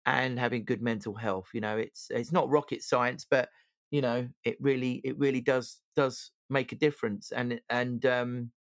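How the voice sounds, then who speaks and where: A man's voice: medium pitch, steady tone, normal speed, no echo. Chatty man, dry close sound. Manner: chatty, many fillers and restarts. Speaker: podcast co-host. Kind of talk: casual chat.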